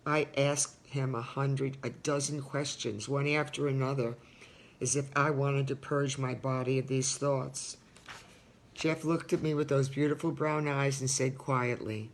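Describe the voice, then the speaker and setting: A woman's voice: rumbling low, fairly even intonation, a little slow, a little hiss or hum. An older woman reading her personal memoir aloud, stopping for casual asides to the listener and marking each bit of dialogue by saying quote and end quote.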